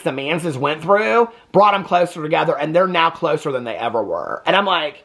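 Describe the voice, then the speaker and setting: Casting: male reaction host, lively swooping delivery, exasperated and chatty. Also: a little high, creaky. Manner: animated, exasperated, talks in quick asides. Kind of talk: casual commentary recap.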